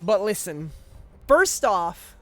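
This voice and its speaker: A man's voice: high-pitched, very animated, slow pace, sharp tone, no echo, faint music behind. A man streaming a video game, chatting casually to his viewers in a rambling, profane way, often cutting himself off and chuckling.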